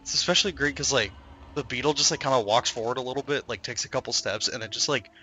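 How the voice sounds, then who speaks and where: A man's voice: medium pitch, fast, sharp tone, soft background music. A man chatting casually and rambling while playing a game, swearing often and filling his talk with "like" and "um". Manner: rambling, profane, lots of fillers. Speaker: gaming streamer. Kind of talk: casual chat while gaming.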